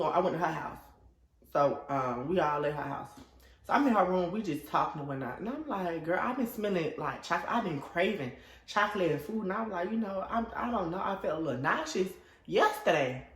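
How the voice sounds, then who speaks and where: A young man vlogging, telling a story in a casual way, acting out quotes with dramatic swings into a high voice. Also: big pitch swings, a little fast, roomy sound.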